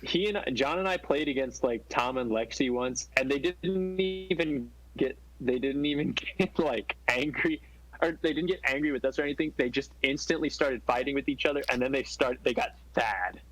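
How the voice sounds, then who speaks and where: A man's voice: mid-range voice, moderate pace, a bit bright, dry recording, low-quality recording. A young man in a casual podcast chat, joking with wry asides. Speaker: podcast co-host.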